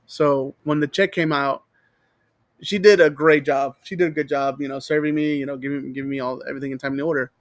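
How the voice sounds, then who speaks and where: A man's voice: fairly high pitch, steady tone, a little fast, fairly bright tone, no room sound. A man with a Texan accent co-hosting a podcast, rambling and cursing as he tells stories and mimics people. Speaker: podcast co-host. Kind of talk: casual chat.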